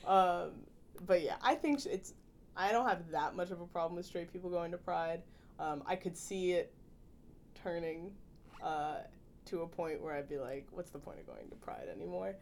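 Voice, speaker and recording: A young woman chatting casually, animated and full of laughs, with filler-heavy speech. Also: fairly low pitch, moderate pace, slight background noise. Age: young adult. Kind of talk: casual podcast chat.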